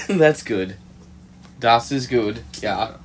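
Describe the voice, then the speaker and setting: A man's voice: mid-range voice, animated, extremely slow. A man with a mid-range voice trades jokes in casual podcast banter, tossing in wisecracks and swear words between his co-host's story. A faint hum runs behind the recording. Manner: joking, wisecracking interjections, swears freely. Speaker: podcast co-host.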